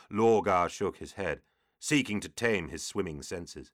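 A man narrating a dark fantasy audiobook in a steady, even storytelling manner. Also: deep voice, measured pace, no echo, studio quality. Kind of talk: scripted narration.

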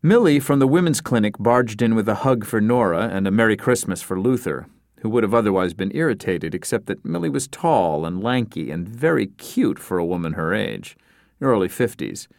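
A man narrating an audiobook in an even, measured storytelling manner. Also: fairly low pitch, gravelly, dry recording, studio quality. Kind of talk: scripted narration.

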